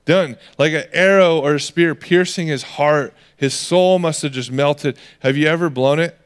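A man's voice: on the high side, moderate pace, clean tone. Conversational male pastor preaching a sermon. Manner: conversational preaching, acts out quoted voices.

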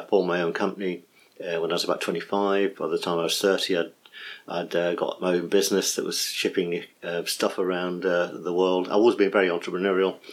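A middle-aged man, teaching a workshop on guiding meditation in an enthusiastic, chatty way. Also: sits low. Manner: enthusiastic, chatty, full of praise.

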